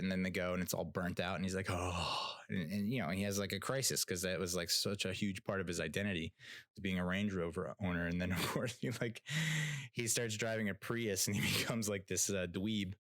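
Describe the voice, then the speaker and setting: A man's voice: sits low, fairly even intonation, brisk, fairly bright tone, no echo, clean studio sound. A young man hosting a casual solo podcast, rambling through opinions with restarts, fillers, casual swearing and laughs at his own jokes. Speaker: podcast host.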